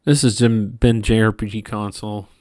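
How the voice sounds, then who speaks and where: A tired man hosting a gaming channel, ranting in a halting, profane monologue with frequent restarts. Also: on the low side, flat delivery, a little mellow, no echo, clean studio sound. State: tired from lack of sleep.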